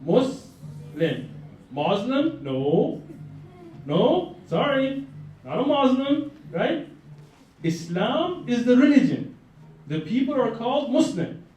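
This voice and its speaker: Man, high pitch, lively lecturer who quizzes his audience, picked up from far off in a very roomy hall. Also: slow, long pauses. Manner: lively, conversational, asks the audience to respond. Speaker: lecturer on Islam. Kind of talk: campus lecture to a live audience. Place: college lecture room. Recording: very echoey room, mic far off.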